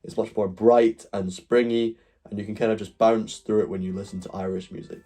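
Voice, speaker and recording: A man's voice: lowish voice, steady tone, brisk, warm tone. A man hosting a live stream, rambling through his points and answering the chat.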